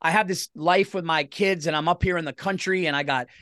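A middle-aged man, a comedian guest telling stories in a rambling, animated way. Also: a little high, brisk, dry recording, studio quality. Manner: animated, rambling, self-interrupting. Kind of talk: casual interview storytelling.

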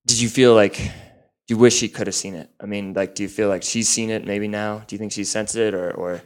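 A man hosting a live on-stage interview, asking questions in halting starts and restarts. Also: fairly low pitch, steady tone, clean tone. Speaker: interviewer host.

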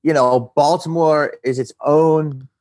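A man with a Philadelphia accent, an actor and comedian talking casually as a guest, animated and swearing freely. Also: on the high side, takes it slowly. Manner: animated, swearing, slips into a Philly voice. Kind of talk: casual interview chat.

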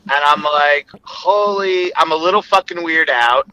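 A man's voice: on the high side, unhurried, pushed and bright, clear, resonant tone, low-quality recording. A man telling a long, explicit personal story in a rambling, casual way, often quoting others.

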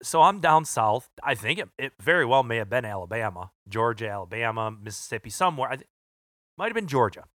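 A man's voice: medium pitch, very animated, brisk, a bit bright, dry recording, studio quality. A man co-hosting a podcast, chatty as he tells a personal anecdote and laughs along. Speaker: podcast co-host. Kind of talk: casual chat.

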